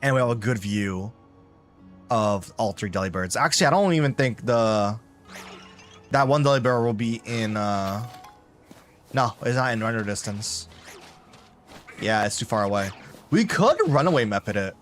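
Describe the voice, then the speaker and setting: Speaking in a lowish, expressive voice at a moderate pace, a man plays a video game live and often pauses at length. He's chatty and rambling, talking directly to his viewers. Faint music can be heard behind him.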